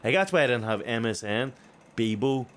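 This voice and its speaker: A young man with a Belfast accent, co-hosting a podcast and telling profane stories in an animated way, laughing often. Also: mid-range voice, normal speed. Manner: animated, profane storytelling that keeps breaking into laughter. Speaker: co-host. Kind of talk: casual podcast chat.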